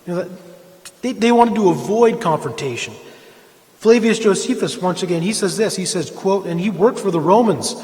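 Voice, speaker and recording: A man's voice: lively intonation, normal speed, darkish tone, long reverb tail. A man giving an impassioned, lecture-style talk at a church event, emphatic and pressing his points. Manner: emphatic, rises in pitch and volume when pressing a point. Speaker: speaker at a church Easter event. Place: church hall.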